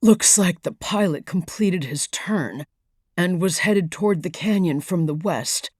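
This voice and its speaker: A woman's voice: on the low side, animated, a little slow, darkish tone, husky, dry recording, studio quality. A woman reading an audiobook voices an injured male agent who speaks choked and through gritted teeth, strained with pain.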